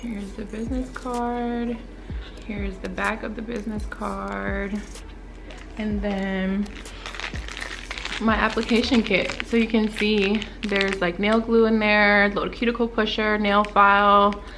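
A young woman with an excited casual unboxing vlog, gasping and exclaiming as she opens packages. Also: takes it slowly, music in the background. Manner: gasping, exclaiming, swooping up high when thrilled. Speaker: beauty vlogger unboxing small-business packages.

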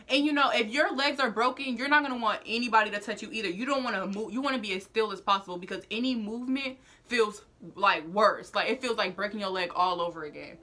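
Young woman, storytime vlog, bright sharp voice, chatty and animated, talks to viewers with slang. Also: on the high side, quick pace, few pauses. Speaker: vlogger.

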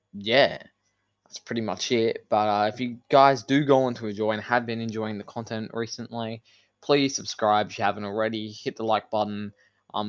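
A man hosting his own channel, chatting casually with fillers before reading a novel aloud in a steady audiobook style. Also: fairly low pitch, smooth, no echo. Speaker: channel host and narrator.

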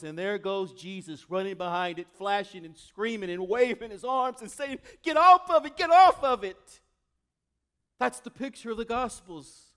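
Animated high-voiced male preacher. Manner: animated preaching, swinging from loud exclamations to quiet asides. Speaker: pastor. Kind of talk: sermon.

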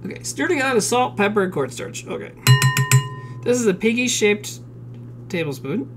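A woman's voice: medium pitch, sing-song, moderate pace, over loud music. Chatty swearing woman cooking on stream. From South Dakota, US. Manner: profane, chatty, reads recipe steps aloud and answers chat. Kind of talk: casual live-stream chat while cooking. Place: home kitchen.

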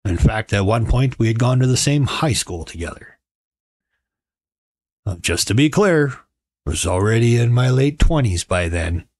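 A man's voice: mid-range voice, expressive, normal speed, no echo. A man in his forties hosting a casual show from home, telling stories in a wry, joking, conversational way. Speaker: podcast host. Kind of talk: casual storytelling monologue.

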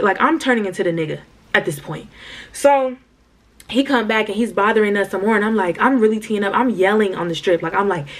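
Her voice sits mid-range and runs slightly quick. She's a young vlogger talking directly to viewers, animated and slangy, calling them "y'all" as she tells her story.

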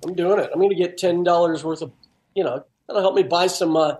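A man with a high-pitched voice telling lively stories as a guest. He sounds casual and animated. The room gives his voice a noticeable echo. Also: a little fast. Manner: animated storyteller. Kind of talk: casual chat.

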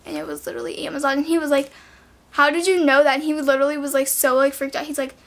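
Teenage girl vlogging at home, high-pitched, gushing and chatty. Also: level tone, racing. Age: teens. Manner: bubbly, says "like" and "literally" a lot. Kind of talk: casual haul vlog.

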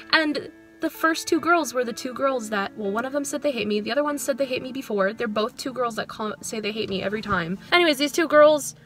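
Dejected young woman venting, fairly high voice. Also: fairly quick, a bit bright, soft background music. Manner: rambling storytelling, filler "like" throughout. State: dejected, low on motivation. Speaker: elementary school music teacher. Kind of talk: casual vlog venting.

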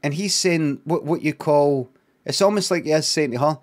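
A man's voice: fairly high pitch, a little fast. A Scottish streamer casually commenting on a clip, rambling and repeating words as he thinks aloud.

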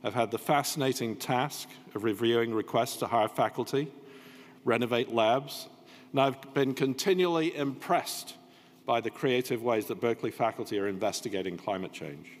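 An older man, a dean, giving prepared welcome remarks to introduce a panel in a measured, formal manner. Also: medium pitch. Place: lecture hall. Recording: long hall reverb.

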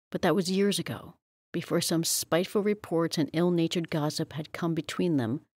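A woman reading a story aloud in a steady, measured way. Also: lowish voice, dry recording, studio quality. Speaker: audiobook reader.

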